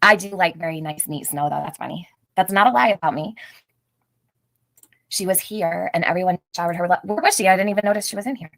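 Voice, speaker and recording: A chatty middle-aged woman hosts a casual livestream. Her voice sits a little low, and she greets viewers by name and laughs often. The sound is dry and close, with no room around it. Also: fairly quick, creaky, a bit bright, no room sound, low-quality recording. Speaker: livestream host.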